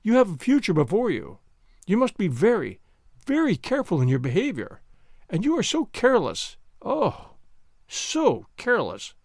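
A man's voice: huge pitch swings, normal speed, vocal fry, darkish tone, no room sound, studio quality, heavily acted. A man reading aloud and voicing a fussy, timid schoolmaster who speaks in a fretful, pleading way. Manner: fretful, pleading, higher pitch. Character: fussy, timid male schoolmaster, anxious and prim.

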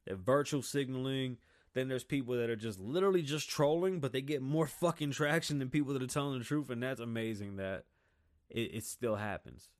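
A man's voice: medium pitch, brisk, dry recording, clean studio sound. Profane fired-up man ranting. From United States. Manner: profane, heated, talks in bursts and mocks people in loud voices. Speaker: podcast host. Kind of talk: ranting solo podcast monologue.

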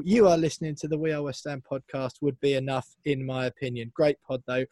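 A man's voice: mid-range voice, moderate pace, a little mellow, no echo. A man hosting a football fan podcast, chatty and playful, reading listener messages aloud. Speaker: podcast host. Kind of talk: casual podcast chat.

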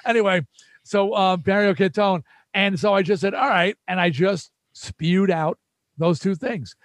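He's an older New Yorker and a musician guest, slow-ish in delivery with a voice that sits high and no room sound. Telling stories casually, he gets animated and voices the quotes himself.

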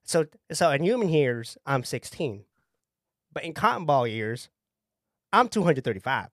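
This is a fairly high-voiced, hesitant teenage alien made of cotton, as a man improvises him. He stammers and his voice leaps about in pitch. The sound is dry and close. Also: sing-song, unhurried, fairly bright tone, no echo, exaggerated voice. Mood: earnest. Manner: hesitant, stammering, squeaks when shocked. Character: teen male cotton-ball alien patient, earnest, easily flustered. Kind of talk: improvised comedy role-play.

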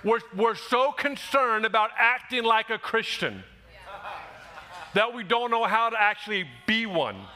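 A man preaching a sermon, animated and emphatic, acting out quoted voices and rising to shouts. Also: high-pitched, a little slow. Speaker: pastor.

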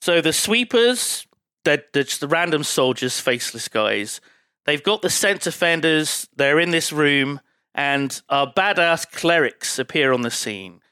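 A man's voice: fairly high pitch, animated, measured pace, pushed and bright, clear, resonant tone, no room sound. A man hosting a podcast, recapping a film scene in casual, sweary chat and acting out sound effects. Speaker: podcast host.

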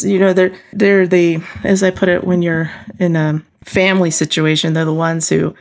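A woman guest explaining team types in conversation, lively and acting out the voices of the people she describes, laughing often. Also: on the low side, normal speed, few pauses. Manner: animated, acts out quoted voices, laughs often. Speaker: guest speaker on team dynamics.

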